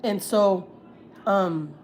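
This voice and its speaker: A woman's voice: medium pitch, very slow, slight background noise. A woman on a casual gossip livestream, telling family stories candidly, swearing freely and acting out what others said. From United States. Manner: candid, storytelling, swears freely, acts out quotes. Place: home.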